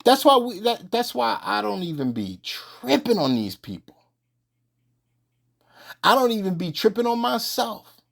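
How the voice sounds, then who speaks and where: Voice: mid-range voice, very animated, unhurried, creaky, pauses often. A religious teacher giving an informal sermon in colloquial speech, emphatic and repetitive, firing off rhetorical questions and restarting phrases.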